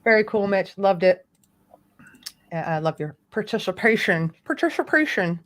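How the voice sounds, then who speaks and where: A woman hosting a casual live-stream chat, talkative, playful and quick to tease herself. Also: mid-range voice. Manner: chatty, playful and self-teasing. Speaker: host.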